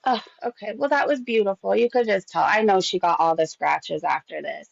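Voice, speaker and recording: Creaky-voiced woman chatting gossip. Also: mid-range voice, brisk, hardly any pauses, lo-fi sound. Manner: chatty, swearing, laughs often. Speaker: gossip commentary host. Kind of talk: casual gossip commentary.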